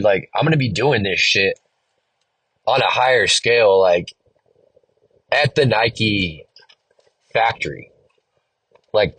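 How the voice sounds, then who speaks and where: A man's voice: lowish voice, no room sound, low-quality recording. A young man hosting a solo podcast, rambling through a profane, slangy story with lots of animation. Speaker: podcast host. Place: in a car.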